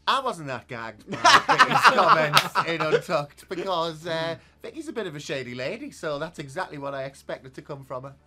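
A man's voice: fairly high pitch, sing-song, normal speed, few pauses, sharp tone. A man who performs in drag, chatting in an interview with dry, teasing wit. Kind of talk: casual chat.

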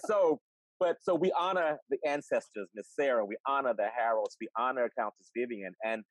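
A man hosts a live interview over a video call, his voice dry with no room around it. He talks warmly and encouragingly, repeating words as he affirms his guest. His pitch is mid-range. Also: a little fast, no echo, low-quality recording. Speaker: host. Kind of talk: hosting a live virtual interview.

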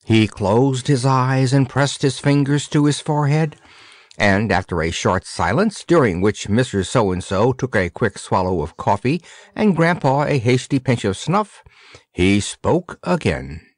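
An expressive man reads a children's storybook aloud, his mid-range voice rising and falling animatedly. The sound is close and dry, with no room echo. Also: mid-range voice, unhurried. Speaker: audiobook narrator. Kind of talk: storybook narration.

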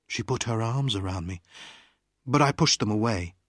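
An audiobook reader narrating a story slowly and carefully for English learners. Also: mid-range voice, no room sound, clean studio sound. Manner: slow, careful, expressive reading.

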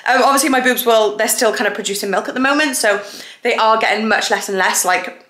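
A young woman chatting casually to a handheld phone camera at home, gushing and excitable as a family vlogger. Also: a little high, fast. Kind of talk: casual vlog chat to camera.

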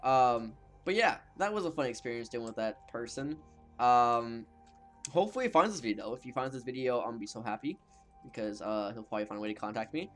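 A man's voice: medium pitch, lively intonation, fast, soft background music. A man giving casual, sarcastic commentary over gameplay, often cracking up laughing as he jokes. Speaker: gaming channel host.

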